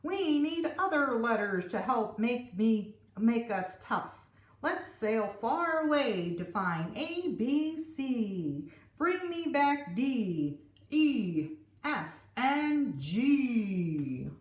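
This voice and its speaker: A woman voicing a loud, gruff male pirate captain in a storybook reading, booming out orders with a growl. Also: big pitch swings, very slow, full character voice. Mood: bossy. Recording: roomy, from a distance.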